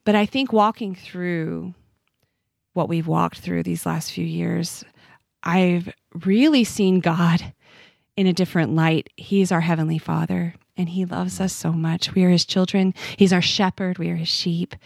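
A woman's voice: on the low side, fairly even intonation, a little slow, creaky, a little mellow, dry recording, clean studio sound. A woman speaking as a podcast guest, earnest and reflective as she talks about her faith. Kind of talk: conversational interview.

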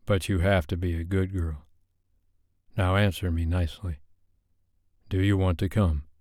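A man voicing a commanding, teasing grown man in an audiobook, speaking low and firm. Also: steady tone, unhurried, darkish tone, no room sound, studio quality.

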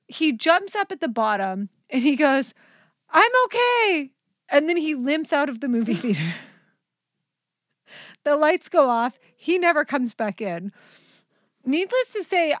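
A woman's voice: sits high, no echo, studio quality. A mother hosting a podcast, chatting casually and rambling through funny family stories, often breaking into laughter. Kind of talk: casual chat, storytelling.

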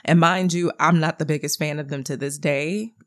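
A woman's voice: low voice, fairly even intonation, normal speed. Woman in her thirties, podcast host, casual storytelling, candid, swears freely. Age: 30s.

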